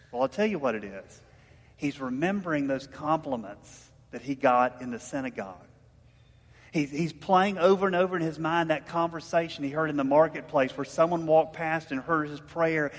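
A man preaches a sermon, talking with his listeners and asking them questions, and he tells stories as he goes. His voice sits a bit above the usual male range. It rings with the long reverb of a large hall. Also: on the high side. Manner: conversational preaching with rhetorical questions and storytelling. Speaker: pastor.

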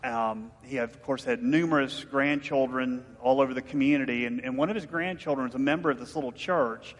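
In a large hall, a pastor with a mid-range voice delivers a brisk sermon in a conversational, storytelling style, posing questions to his listeners.

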